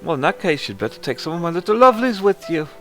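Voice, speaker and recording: A man's voice: very animated, fast, fairly bright tone, soft background music. Auntie Martha, man doing a cheery old auntie. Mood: fond. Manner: fussing, sing-song, high put-on voice. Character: cheery kindly older woman, fond auntie type.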